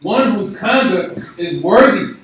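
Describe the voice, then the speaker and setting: A man in a Bible class slowly reading out a definition aloud. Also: high-pitched, lively intonation, a bit bright, slight background noise. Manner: slow, careful reading of definitions. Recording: very echoey room, far from mic.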